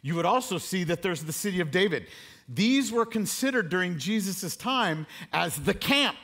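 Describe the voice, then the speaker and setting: A man preaching a sermon to a room, dropping to a hush and then rising loud and high. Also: big pitch swings, normal speed. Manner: dramatic swings between hushed and loud, preaching to a room. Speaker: pastor.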